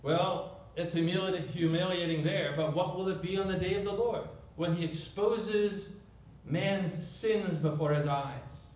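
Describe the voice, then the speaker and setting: A man preaches with emphatic force, piling up rhetorical questions. His somewhat high voice comes from a distance, ringing through a very echoey room with a faint hum behind it. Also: measured pace, darkish tone. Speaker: pastor. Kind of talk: sermon.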